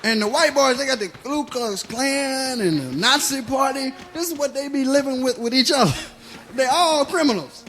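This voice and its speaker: High-voiced comedian, loud and profane. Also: male voice, normal speed. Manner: loud, profane storytelling that keeps breaking into laughter. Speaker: stand-up comedian. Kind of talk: stand-up comedy routine. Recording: noisy live recording.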